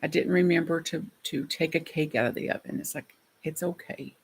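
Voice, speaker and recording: A middle-aged woman minister giving a gentle, reflective sermon with soft laughs. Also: low voice, steady tone, a little fast, slightly rough.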